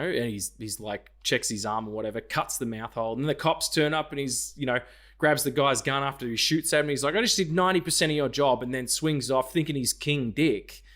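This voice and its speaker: A man co-hosts a casual film podcast, swearing freely and acting out scenes in quoted voices. His voice is mid-range with a fairly bright tone.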